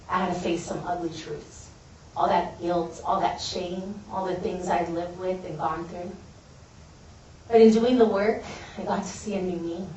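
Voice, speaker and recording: A woman's voice: lowish voice, darkish tone, a little hiss or hum. A woman gives an earnest, heartfelt personal testimony as a guest speaker at a college event. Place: large building at a college event. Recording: echoey hall from a distance.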